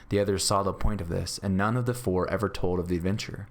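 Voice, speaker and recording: A man, a grade school teacher, reading a storybook aloud to his class in a steady, clear way. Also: low voice, fast talker, few pauses.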